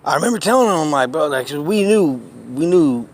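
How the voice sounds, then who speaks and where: A man with a slightly high voice, buzzed and loose, wanders down an outdoor street and alleyway while filming on his phone. He rambles through profane stories, cussing freely and breaking into laughter between phrases, with a faint hum of noise around him. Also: lively intonation, a little fast. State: tipsy, buzzed. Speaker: vlogger touring his old neighborhood. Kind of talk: casual rambling storytelling.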